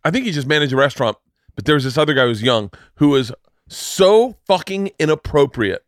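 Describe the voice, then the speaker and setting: A man's voice: on the high side, a little fast, dry recording, studio quality. A man hosting a podcast, telling stories in a casual comedic way, swearing often and acting out the people he quotes. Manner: animated, profane, acts out quoted voices. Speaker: podcast host.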